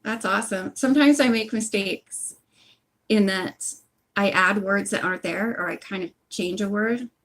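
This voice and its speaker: A woman's voice: mid-range voice, normal speed, a bit bright. A woman casually chatting on a phone livestream at home while she knits, rambling with lots of asides. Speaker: audiobook channel host.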